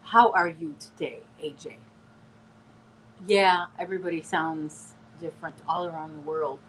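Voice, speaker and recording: A woman with a Chicago accent co-hosting a casual live chat, chatty and quick to laugh. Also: sits low, fairly even intonation, a little hiss or hum, rough recording. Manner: chatty, laughs easily, coos at a pet. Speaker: co-host of a live chat stream.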